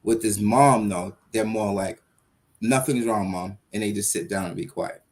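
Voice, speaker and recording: A man's voice: fairly low pitch, normal speed. A man in his thirties, a podcast guest, speaking animatedly and acting out what he says to his kids. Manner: animated, acts out parent dialogue. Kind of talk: casual chat.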